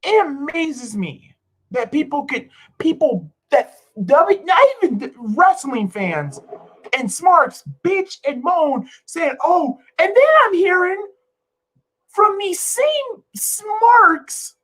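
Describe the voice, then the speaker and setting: A woman's voice: extremely high pitch, sing-song, slow, a bit bright, rough recording. A woman streamer ranting to her chat in an exasperated, profane way, repeating herself for emphasis. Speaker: wrestling streamer. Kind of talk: livestream rant to chat.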